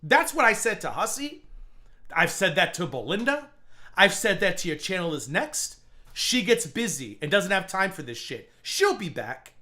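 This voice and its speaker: A man's voice: high-pitched, very animated, moderate pace, sharp tone. A male livestream host delivering a profane, taunting rant at someone.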